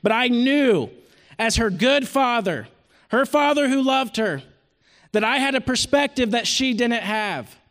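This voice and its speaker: Man, 30s, preaching. High, earnest, storytelling voice with long hall reverb. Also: expressive, a little slow, a bit bright. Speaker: retreat speaker teaching scripture. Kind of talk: sermon.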